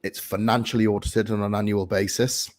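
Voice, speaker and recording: Deep-voiced man explaining earnestly. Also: level tone, fairly quick, darkish tone. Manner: earnest, explanatory, frequent fillers. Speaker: supporters trust representative. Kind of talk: podcast guest Q&A.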